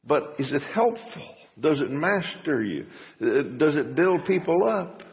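A pastor giving a conversational sermon full of rhetorical questions and a folksy manner. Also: male voice, fairly high pitch, sing-song, measured pace, gravelly. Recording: muffled sound with long reverb.

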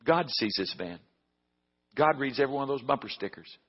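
A middle-aged male pastor preaching a sermon, telling a story and swinging between hushed and loud. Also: mid-range voice, lively intonation, a little fast, slightly rough. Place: church sanctuary. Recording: dull recording with long hall reverb.

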